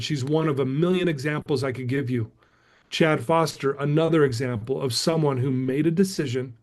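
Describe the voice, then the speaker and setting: A middle-aged man, a guest speaker, telling a motivational story emphatically and calling his listeners "guys". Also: mid-range voice.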